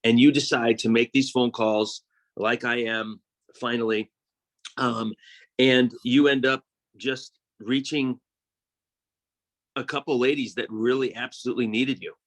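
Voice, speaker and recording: A man's voice: medium pitch, fairly even intonation, a little slow, long pauses, poor audio. Earnest man with many fillers. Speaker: group member. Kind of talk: casual group discussion.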